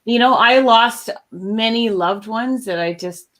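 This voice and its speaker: A woman co-hosting a casual talk show, chatting in an animated, goofy way. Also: fairly high pitch, measured pace. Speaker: co-host. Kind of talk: casual chat.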